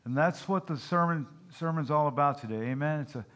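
A man's voice: fairly high pitch, a little fast, fairly bright tone. A man preaching a sermon, telling folksy jokes and asking his congregation "Amen?" and "okay?". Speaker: pastor.

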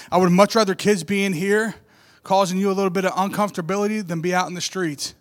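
High-voiced man preaching with fervor. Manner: animated storytelling, rising to loud emphatic peaks. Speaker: church speaker. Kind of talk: sermon testimony.

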